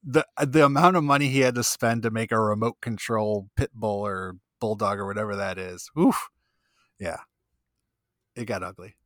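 A man's voice: lowish voice, normal speed, no room sound, clean studio sound. A man co-hosting a casual podcast, bantering and laughing easily. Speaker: podcast co-host.

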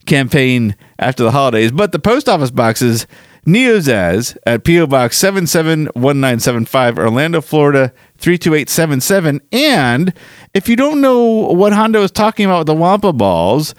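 A man's voice: fairly high pitch, very animated, normal speed, dry recording, studio quality. Chatty man hosting a podcast. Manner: chatty, rambling, self-deprecating. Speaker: podcast host. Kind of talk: casual chat, reading listener mail.

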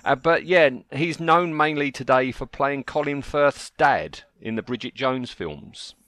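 A man's voice: medium pitch, dry recording. A man hosting a podcast, chatting casually and laughing easily. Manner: lively, chatty, quick to laugh. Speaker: podcast host. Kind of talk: casual chat.

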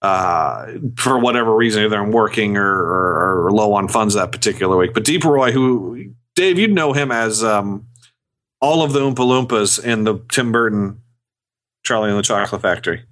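A man's voice: on the low side, moderate pace, fairly bright tone. A man co-hosting a podcast, telling convention stories in casual chat with many restarts. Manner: rambling storytelling with many restarts. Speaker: podcast co-host.

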